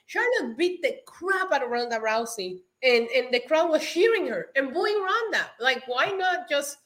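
Bright-voiced woman, a non-native English speaker. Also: sits high, animated, moderate pace. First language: not English. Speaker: podcast co-host. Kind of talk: casual chat.

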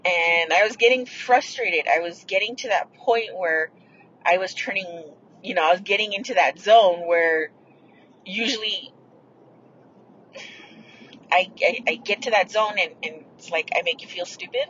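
A woman's voice: lowish voice, a little slow, a bit bright, lo-fi sound, slight background noise. Blunt, foul-mouthed woman telling a story. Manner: blunt, profane, rambling. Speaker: podcast host. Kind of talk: casual storytelling.

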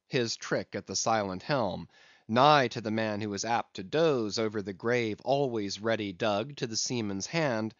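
Expressive male audiobook narrator. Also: medium pitch, no room sound. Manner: expressive, storytelling. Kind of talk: scripted narration of a classic novel. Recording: dull lo-fi audiobook recording.

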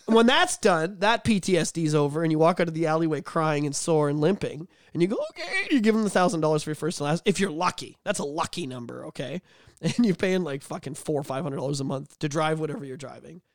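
A man's voice: on the high side, fast talker, dry recording, studio quality. A man co-hosting a podcast in casual chat, blunt, sarcastic and full of swearing. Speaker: podcast co-host.

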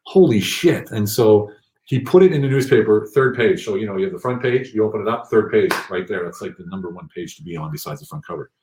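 A middle-aged man with a low voice tells his story in a loose, animated way, slipping into other people's voices. He is recorded at home, and the room gives his voice a noticeable echo. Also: quick pace, a little hiss or hum. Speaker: guest telling his story. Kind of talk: casual storytelling. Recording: echoey room.

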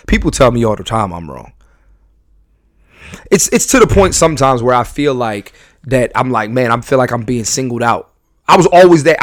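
A man's voice: mid-range voice, dry recording, studio quality. A man hosting a podcast, talking candidly in a rambling, confessional way full of slang and restarts. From New York. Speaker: podcast host.

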